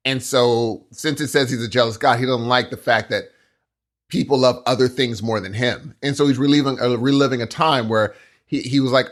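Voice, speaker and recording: A man's voice: medium pitch, normal speed, a bit bright. A man co-hosting a podcast in casual chat, talking with enthusiasm and calling his partner dude. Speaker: podcast co-host.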